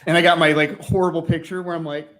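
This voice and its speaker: A man's voice: fairly high pitch, little pitch movement, fast, a bit bright. A man guest telling stories in a casual chat, often laughing and filling with "like". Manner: chatty storyteller, laughs often, fills with "like". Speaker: guest, former magazine staff writer.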